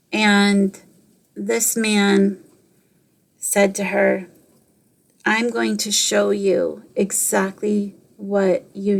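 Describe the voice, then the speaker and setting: Woman, middle-aged, podcast host; earnest storyteller, flat even delivery. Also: mid-range voice, gravelly. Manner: earnest, repeats phrases, quotes others in her own voice. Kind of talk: personal storytelling and motivational talk.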